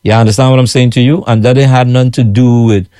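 A Guyanese man with a medium-pitched, dark, steady voice talks quickly, recorded dry with clean studio sound. He runs his own kitchen business as a food vendor and chats casually and repetitively with his followers, often asking "you know what I'm saying".

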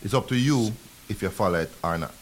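Jamaican guy talking real estate on the radio, quick talker, lowish voice. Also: animated, a little hiss or hum. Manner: fast talking, laughs easily, mixes patois. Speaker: realtor guest. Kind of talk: casual radio interview.

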